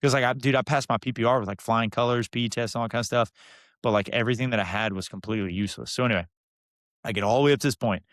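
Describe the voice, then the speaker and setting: Fast-talking young man. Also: mid-range voice, dry recording, studio quality. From Texas. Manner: animated, mimics the people in his stories. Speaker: podcast guest. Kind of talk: casual storytelling.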